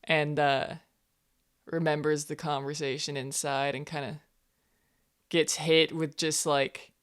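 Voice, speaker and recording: A woman's voice: low voice, flat delivery, takes it slowly. A woman playing in a tabletop game, laid-back and thinking aloud about her character. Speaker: player. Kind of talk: tabletop role-play.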